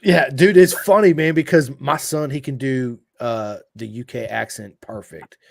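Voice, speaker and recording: A man, co-hosting a podcast in casual, animated chat. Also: mid-range voice, a little slow, gravelly, dry recording, clean studio sound. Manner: animated, laughing storyteller.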